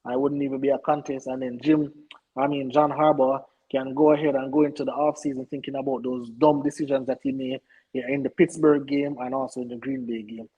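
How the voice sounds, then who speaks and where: A man's voice: medium pitch, flat delivery, fairly quick, slightly rough, narrow, tinny audio. A man co-hosting a sports talk show, arguing his points emphatically and insistently. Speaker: sports podcast co-host. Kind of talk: casual sports debate.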